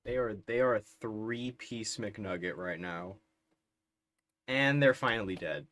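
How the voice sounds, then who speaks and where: A man casually commentates his own strategy game on a live stream, amused and incredulous as events unfold. His voice sits on the low side, and he talks slowly, with frequent chuckles. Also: a bit bright. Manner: bemused, laughs often. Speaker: livestreamer playing a strategy game.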